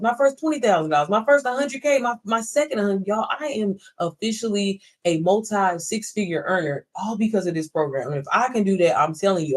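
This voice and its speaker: Woman, 30s, phone livestream from home; punchy, preachy motivational coach, mid pitch. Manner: emphatic, preachy, swearing, talks straight to viewers. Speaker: online business coach. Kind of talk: casual livestream pep talk.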